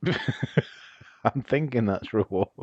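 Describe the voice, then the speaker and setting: A man's voice: mid-range voice, lively intonation, drawn-out words, a little mellow, slightly rough, no echo, dull audio. A man chatting casually and laughing often while he plays a game on a livestream. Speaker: streamer playing the game. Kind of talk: casual gaming livestream chat.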